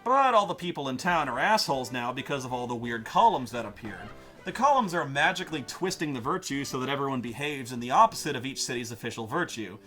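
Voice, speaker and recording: A man's voice: mid-range voice, lively intonation, fast, fairly bright tone, faint music behind. A man narrating a comedic game review in a ranting, sarcastic, profane manner.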